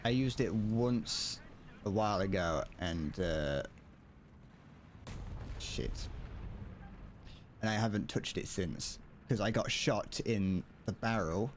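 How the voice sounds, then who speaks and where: A young man on a casual gaming livestream, speaking in a fairly low voice. He rambles, restarts sentences and laughs as he answers chat, with a faint hiss of noise behind him. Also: slow pace, long pauses. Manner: rambling, frequent restarts and chuckles. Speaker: streamer. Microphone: desk mic, wearing headphones.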